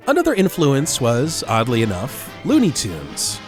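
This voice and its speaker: A man hosts a casual, comedic film commentary, joking wryly and poking fun at himself. His pitch moves around a lot as he talks. Faint music sits quietly behind him. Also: wildly swooping pitch, normal speed, few pauses. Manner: wry, jokey, self-deprecating. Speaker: film review video host.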